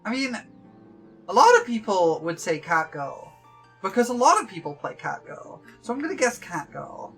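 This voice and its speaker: A woman's voice: mid-range voice, big pitch swings, moderate pace, a bit bright, faint music behind. Chatty young woman streaming. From Yorkshire, England. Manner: chatty and rambling, with lots of likes and ums; playful, repeats jokes to the characters on screen. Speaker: game streamer. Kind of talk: casual livestream chat.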